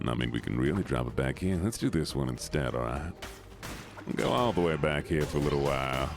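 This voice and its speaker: A man's voice: extremely low pitch, brisk, faint music behind. A man streaming a video game, chatting playfully with his viewers in casual commentary. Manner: playful, banters with chat, drops into silly voices.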